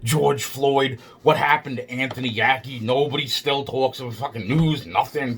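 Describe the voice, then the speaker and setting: A man's voice: medium pitch, moderate pace, hardly any pauses, a bit bright. This is a man spinning a long, rambling personal story in an ordinary mid-range voice. He is worked up and swears almost every sentence, tripping over and repeating his own words. A faint hiss sits under the recording. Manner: heavily profane, agitated, repetitive.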